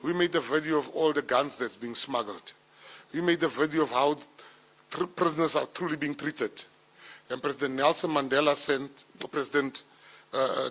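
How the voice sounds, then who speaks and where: A middle-aged South African man giving a speech, telling personal stories and acting out the dialogue, rising loud at the punchlines. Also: mid-range voice, a little fast. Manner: animated storyteller, acts out dialogue, gets loud at punchlines. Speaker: minister giving a keynote speech. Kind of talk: storytelling speech to an audience.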